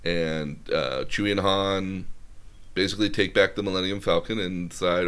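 A man's voice: deep voice, steady tone, normal speed, a bit bright, clear, resonant tone. A man casually retelling a film plot, rambling with lots of fillers. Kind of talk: casual chat.

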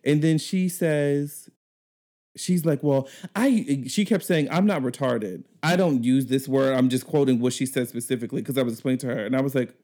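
A man hosting a casual chat, telling a work story in an animated way, laughing often and acting out the people he quotes. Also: medium pitch, normal speed. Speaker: podcast host.

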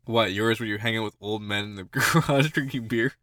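A man co-hosting a podcast in casual chat, animated and laughing often through his jokes. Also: fairly low pitch. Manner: animated, laughs often mid-sentence, quick jokey asides. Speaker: podcast co-host.

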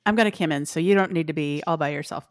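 A woman's voice: low voice, quick pace. A woman playing a tabletop game, playful and giggly. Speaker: player. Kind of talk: casual tabletop play.

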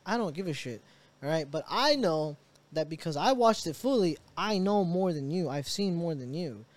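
Animated, swearing man telling stories. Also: high-pitched, moderate pace. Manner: animated storyteller, swears, acts out reactions. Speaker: podcast co-host. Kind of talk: casual chat.

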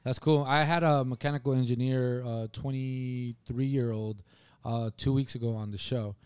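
A man's voice: mid-range voice, fairly even intonation, normal speed, a little mellow, clean tone, no echo. A man hosting a casual sports chat show, talking in a slangy, laid-back way and laughing often. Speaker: show host.

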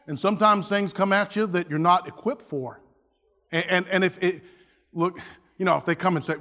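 A man's high, bright, forceful voice rings with the long echo of a church hall as the pastor delivers his sermon in the sanctuary as a humorous tale, peppered with quick restarts.

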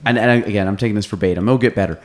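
A man's voice: lowish voice, racing. Rambling casual podcast host, man. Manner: rambling, self-interrupting storyteller. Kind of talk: casual chat.

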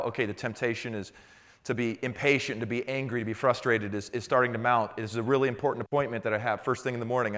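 Man preaching a conversational sermon. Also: fairly low pitch. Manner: conversational preaching, builds to animated frustration in anecdotes. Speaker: pastor.

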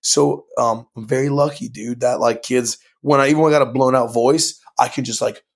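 A man's voice: mid-range voice, fairly even intonation, brisk, creaky. A young man from California, a band singer guesting on a podcast, talking in a laid-back slangy way full of "dude" and "like". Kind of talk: casual podcast conversation.

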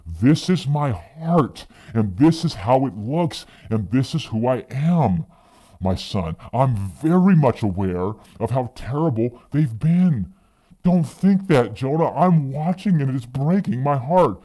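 A man voicing God as a gentle, fatherly deity, speaking softly and pleadingly to a wayward son. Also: medium pitch, big pitch swings, slow. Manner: soft, pleading, tender.

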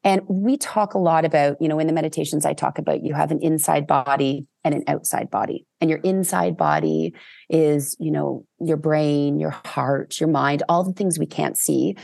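A woman from Canada, a podcast guest, telling stories in an animated, expressive way with big swings in her voice. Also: low-pitched, moderate pace, dry recording, clean studio sound. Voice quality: gravelly, husky. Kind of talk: casual storytelling.

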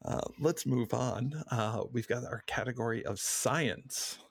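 A man hosting a casual trivia podcast, reading questions in a relaxed, plain way. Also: medium pitch, a little slow, creaky, slightly rough, no echo. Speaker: quiz host.

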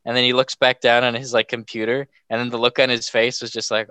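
A man's voice: mid-range voice, level tone, fast talker, bright, forceful tone, clean tone, no room sound. A young man telling stories casually as a podcast guest, rambling and filling almost every phrase with "like". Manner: rambling, filler-heavy, says "like" constantly. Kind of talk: casual storytelling.

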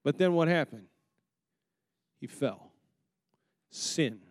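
A pastor preaching a sermon, firing rhetorical questions at the congregation and swinging between loud, emphatic lines and low, quiet ones. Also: male voice, no echo, clean studio sound.

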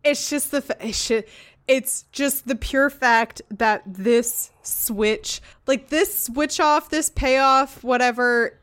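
Woman, podcast co-host, chatty rambler, slightly high voice, filler-heavy. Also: clean tone. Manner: rambling, animated, filler-heavy with frequent restarts. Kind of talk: casual podcast chat.

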